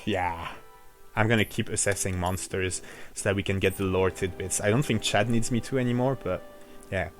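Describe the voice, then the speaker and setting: Excitable man streaming a game. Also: deep voice, moderate pace, soft background music. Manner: excitable, jokey banter with chat. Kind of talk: casual game-stream chat.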